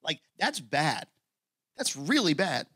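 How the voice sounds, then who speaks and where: A man preaching a sermon as pastor in an animated, conversational way, with casual asides. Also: fairly high pitch, slow, slightly rough, no echo. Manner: acts out scripture quotes in character voices.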